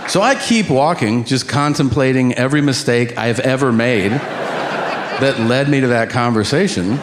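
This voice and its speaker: A man's voice: mid-range voice, moderate pace, background noise. A man doing a stand-up routine, telling a story with quoted dialogue. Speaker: stand-up comedian.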